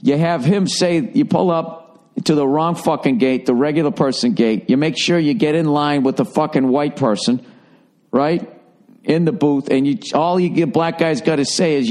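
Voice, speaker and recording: A man's voice: a little high, moderate pace, darkish tone. A middle-aged man hosting his podcast, telling a rambling, profane comic story and mocking himself along the way. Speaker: comedian and podcast host.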